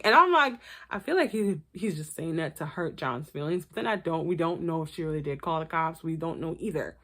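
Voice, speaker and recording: A woman giving blunt, profane, animated commentary as she reviews a reality TV episode. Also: fairly low pitch, brisk, hardly any pauses. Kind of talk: casual commentary vlog.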